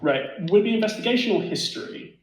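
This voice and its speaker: A man playing a tabletop game, talking in quick, chatty bursts. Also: high-pitched, lively intonation. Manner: quick, chatty, laughing asides. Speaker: player. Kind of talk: casual tabletop game chat. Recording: roomy echo.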